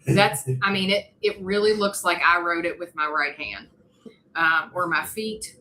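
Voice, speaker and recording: A woman, co-hosting a podcast and telling an animated, funny story in casual chat. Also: lowish voice, measured pace, low-quality recording. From West Virginia. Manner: animated, laughing, mimics voices in her stories. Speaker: podcast co-host.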